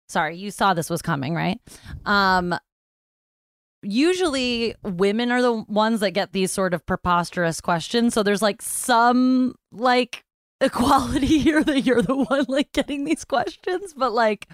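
A woman's voice: on the high side, animated, measured pace, dry recording, clean studio sound. A woman co-hosting a casual chat, blunt and profane.

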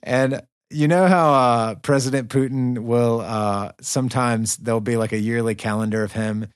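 A man's voice: medium pitch, steady tone, normal speed, smooth, no echo, clean studio sound. A man hosting a podcast, telling a story in a casual, upbeat way with lots of fillers and laughs. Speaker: podcast host. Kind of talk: casual chat. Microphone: remote recording for a virtual studio.

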